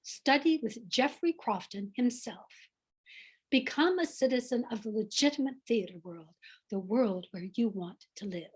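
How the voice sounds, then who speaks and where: Woman author, novel reading, expressive, unhurried, breathy voice, slightly high. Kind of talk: reading from her own novel. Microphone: online event, home setup.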